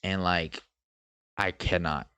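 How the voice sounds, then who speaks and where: A young man co-hosting a podcast, telling a story in casual chat, animated and swearing freely as he acts out scenes. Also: deep voice, slow pace, smooth, no room sound. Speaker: podcast co-host.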